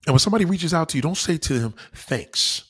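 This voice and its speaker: A man on his own channel, giving casual advice in an animated, preachy way, swearing freely. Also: fairly high pitch, racing, slightly rough. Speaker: YouTuber.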